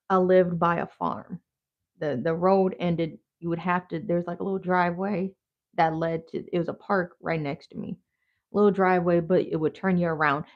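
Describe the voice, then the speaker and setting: A woman's voice: on the low side, vocal fry, a little mellow. A woman from Wisconsin telling a story in a casual, chatty, blunt way as a vlogger. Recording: dull lo-fi audio.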